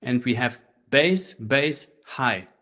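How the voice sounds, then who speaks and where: A man teaching a live online handpan workshop, explaining rhythms in a relaxed way and chanting rhythm syllables, recorded through a laptop microphone. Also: medium pitch, slow pace. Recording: faint handpan music behind. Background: handpan playing.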